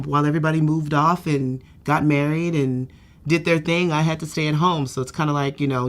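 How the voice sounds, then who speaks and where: A woman patient telling her treatment story candidly, with lots of "you know" fillers. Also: sits low. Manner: self-described dramatic storyteller. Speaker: patient giving a testimonial. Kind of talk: candid testimonial interview.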